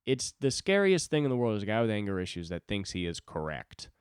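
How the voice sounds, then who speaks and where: His voice is on the low side, sing-song and smooth, and he talks fairly quickly. A man in his twenties, he rambles through a solo monologue on his own podcast, swearing and poking fun at himself. The studio-quality recording has no room sound.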